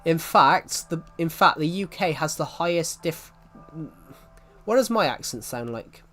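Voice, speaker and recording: A man's voice: fairly high pitch, lively intonation, measured pace, fairly bright tone, soft background music. Rambling young man, English-Welsh accent. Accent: mixed English and Welsh. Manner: rambling, restarts sentences, chats with viewers. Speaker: livestreamer reading chat. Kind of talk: casual live-stream chat.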